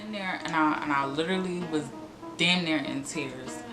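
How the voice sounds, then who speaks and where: A woman's voice: deep voice, moderate pace. A young woman telling a dramatic personal story as a vlogger, acting out the voices of the people in it. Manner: animated, dramatic storytelling with cursing and acted-out quotes. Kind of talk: storytime vlog. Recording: echoey room with music behind.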